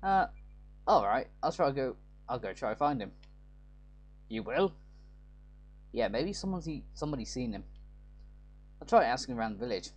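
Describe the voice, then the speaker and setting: A man's voice: medium pitch, big pitch swings, moderate pace, pauses often. Man reading a hesitant young hero.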